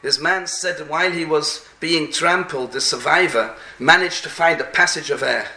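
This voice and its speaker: A man giving a sermon, telling stories with lively acted quotes, often repeating phrases and mixing in Hebrew and Yiddish terms. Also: fairly high pitch, moderate pace, reverberant. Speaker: rabbi giving a talk. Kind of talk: sermon with storytelling.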